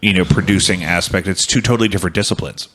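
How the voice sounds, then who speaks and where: Male podcast host, lowish voice, casual and reflective, tends to ramble through his ideas. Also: fast talker, fairly bright tone. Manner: thoughtful, rambling explanations. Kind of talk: casual chat. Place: home studio.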